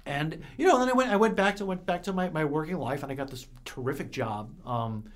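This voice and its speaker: A man's voice: on the high side, a little fast. Rambling, emotional man telling his story. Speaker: guest, recovery center manager. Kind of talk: casual conversation.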